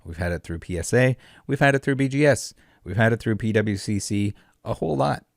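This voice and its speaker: A man's voice: on the low side, brisk, gravelly, dry recording, studio quality. A man hosting a collectibles commentary vlog, rambling and sarcastic with many filler words. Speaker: collectibles channel host.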